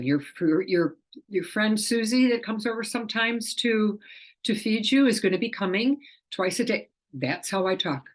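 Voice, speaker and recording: A middle-aged woman explaining her work as an animal communicator in a casual, chatty way, often acting out the quoted dialogue. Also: lowish voice. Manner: chatty, acts out quoted dialogue in lively voices.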